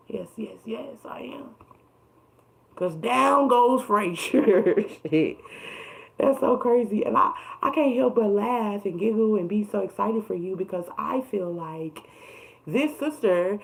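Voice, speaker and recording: A woman reads tarot cards live in a loose, conversational way. Her voice is gravelly with frequent vocal fry. She swears freely and stacks repeated words when she wants to stress a point. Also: mid-range voice, rough recording. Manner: emphatic, profane, repeats phrases for emphasis. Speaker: tarot reader. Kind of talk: casual tarot reading livestream.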